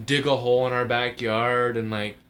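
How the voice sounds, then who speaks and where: A man's voice: mid-range voice, level tone, moderate pace, a bit bright, soft background music. A young man telling a long story to friends, rambling with lots of fillers and laughing through his words. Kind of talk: casual storytelling among friends.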